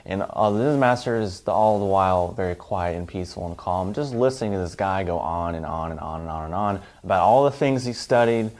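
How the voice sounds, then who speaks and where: A low-voiced man giving a self-help talk, emphatic and stacking long lists of examples. His delivery is steady, with the rhythm of a motivational lecture. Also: brisk, hardly any pauses.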